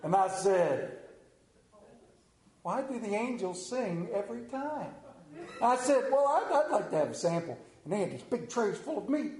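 A man preaching a folksy storytelling sermon, animated, then dropping low and slow for emphasis. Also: reverberant.

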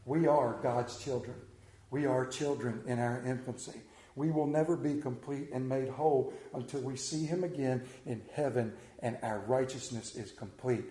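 A man preaching a sermon through animated storytelling, dropping to a hushed voice for emphasis. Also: mid-range voice, normal speed, echoey room, poor audio.

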